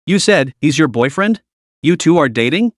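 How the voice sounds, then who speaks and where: A man's voice: fairly high pitch, animated, normal speed, no room sound, clean studio sound, natural voice. A man voicing a pompous, hot-tempered middle-aged businessman in a story recap. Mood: blustering. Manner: blustering and indignant.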